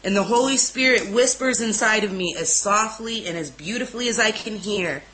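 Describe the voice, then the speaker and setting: A woman's voice: medium pitch, moderate pace, a bit bright, a little hiss or hum, rough recording. A woman telling a personal story in a casual interview, candid and emotional, blunt at times.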